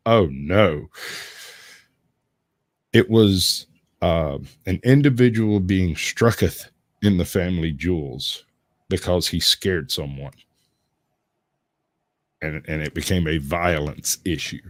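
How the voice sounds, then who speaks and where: A man with a Southern US accent, a livestream guest telling stories in a laid-back, drawn-out way. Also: low-pitched, no room sound, studio quality. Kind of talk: casual chat.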